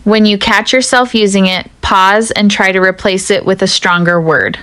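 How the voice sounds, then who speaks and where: Smooth, dry-voiced woman teaching English. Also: mid-range voice, steady tone, a bit bright, no room sound, faint music behind. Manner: measured, deliberate, addresses the viewer directly. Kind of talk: scripted teaching narration.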